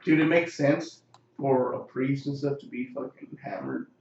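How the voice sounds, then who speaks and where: A man's voice: mid-range voice, lively intonation, normal speed, a little mellow, slight background noise. A young man telling a profane story in casual chat, acting out quotes and laughing often. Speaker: podcast co-host telling a story. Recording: roomy, distant, dull lo-fi sound.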